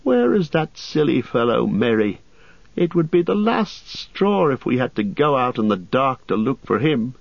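A man's voice: medium pitch, very animated, a little slow, vocal fry, dry recording, pitched above the performer's own voice, exaggerated voice. Pippin, a sleepy grumbling hobbit, read by a man. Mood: weary. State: drowsy and weary. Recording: slightly muffled recording.

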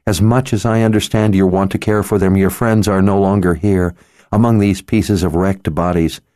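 A commanding sorceress woman, put on by a man reading a fantasy audiobook, her voice pitched well above his own. She speaks with clipped, grim authority and pushes insistently to leave. The recording is close and dry. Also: normal speed, dark tone, no echo, lightly acted. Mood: urgent, stern. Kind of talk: audiobook character voice.

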